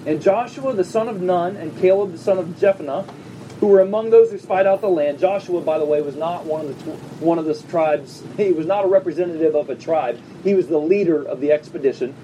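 Pastor, male, high and mellow, conversational sermon with humor, slightly distant mic. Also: a little hiss or hum. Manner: conversational preaching with quick asides and humor. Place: church service before a congregation.

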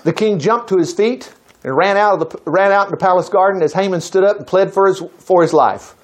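A man preaching a sermon, retelling a Bible story in a lively, chatty way and acting out the characters' lines. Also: sits high, a little fast. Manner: animated, acting out voices, chuckling asides.

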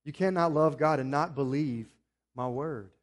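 A man preaching a sermon as pastor. He builds to emphatic peaks, then drops to quiet, earnest appeals. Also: on the high side, normal speed.

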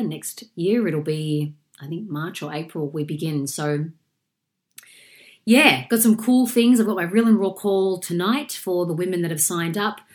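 A woman's voice: low voice, a little mellow. An Australian woman in her forties, sick with a chesty cough, hosting her podcast in a chatty, upbeat way with plenty of fillers. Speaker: podcast host and coach. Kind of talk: casual solo podcast chat.

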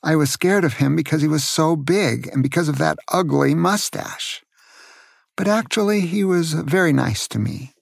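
An older man from California, a grandfather telling children about his youth in a gentle way and asking them questions. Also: on the high side, normal speed, vocal fry, husky, no echo, clean studio sound. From Santa Cruz, California. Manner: gentle, asks the listener questions. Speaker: grandfather storyteller. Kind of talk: storytelling to children.

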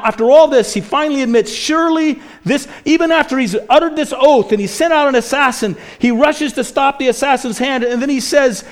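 A high-pitched man delivering a sermon as a pastor. He preaches with passion, surging loud on quoted lines, then sinking to a hushed, low voice for words of mercy. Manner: impassioned preaching, rising to near shouts on quoted lines; drops to a low, soft voice for God's promises.

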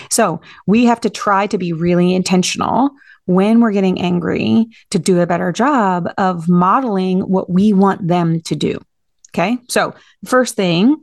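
A woman's voice: medium pitch, no room sound, studio quality. Earnest woman giving parenting advice. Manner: earnest, direct, coaching tone. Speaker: parenting podcast host. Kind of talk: advice monologue.

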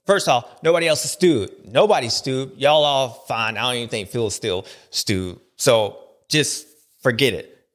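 A man's voice: mid-range voice, fairly bright tone. A man hosting a casual, joking commentary, talking in slang and mimicking other people. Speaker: host.

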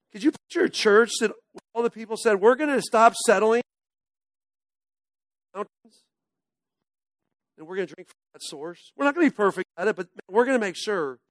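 A pastor preaching a casual, conversational sermon, often dropping to a near-hush at the ends of phrases. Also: male voice, high-pitched, no room sound.

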